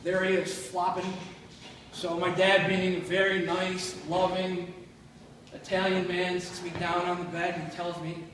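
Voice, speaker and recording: A man's voice: sits high, completely flat delivery, measured pace. Echoey stand-up man from Buffalo. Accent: Western New York. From Buffalo, New York. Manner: self-deprecating, blunt, crude punchlines. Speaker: stand-up comedian. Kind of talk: stand-up set. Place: comedy club stage. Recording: very echoey room from far off, faint noise.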